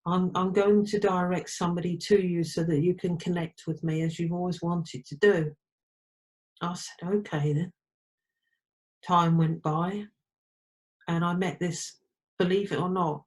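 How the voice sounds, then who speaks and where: Woman from England, middle-aged, lowish voice, chatty storytelling, quotes conversations. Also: fairly even intonation, measured pace, long pauses, rough recording. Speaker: trance medium and spirit artist. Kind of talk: casual storytelling interview.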